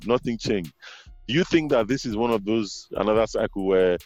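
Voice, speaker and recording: Man hosting a lively podcast chat. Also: on the low side, a little fast, no echo, soft background music. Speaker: podcast host. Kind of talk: casual conversation.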